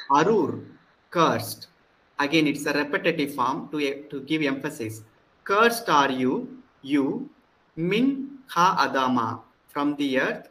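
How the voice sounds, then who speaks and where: A man with an Indian English accent lectures at an unhurried pace, sounding out each Hebrew word before explaining it. His voice sits a little high and comes across bright and forceful. He restarts his sentences often as he works through the text. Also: poor audio. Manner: frequent fillers and restarts. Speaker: Hebrew instructor. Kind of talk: classroom lecture.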